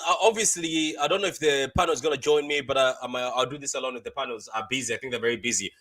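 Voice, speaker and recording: Bright-voiced chatty man, fan stream host. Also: mid-range voice, expressive, fast, few pauses. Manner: chatty, repeats phrases, laughs often, reads comments aloud. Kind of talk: casual live-stream football reaction.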